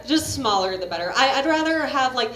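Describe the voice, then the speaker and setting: A woman's voice: high-pitched, animated, a little fast, bright, forceful tone, slight background noise. Brash profane woman doing stand-up. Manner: brash, profane, chatty, laughing at own jokes. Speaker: stand-up comedian. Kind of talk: stand-up comedy set. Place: comedy venue at a coffee shop. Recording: roomy live stage recording with crowd. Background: audience laughter.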